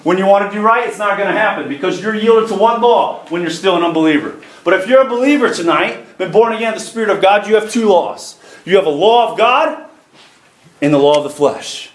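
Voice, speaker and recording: A man preaching a church sermon, calling out to the congregation and reading scripture slowly. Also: high-pitched, echoey room. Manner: calls for congregation responses, reads scripture slowly.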